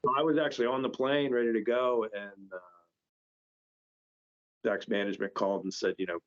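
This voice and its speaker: Fairly low-pitched and fairly quick, this founder pauses often as he rambles through casual stories on a podcast, restarting again and again. The recording has a dull, lo-fi quality.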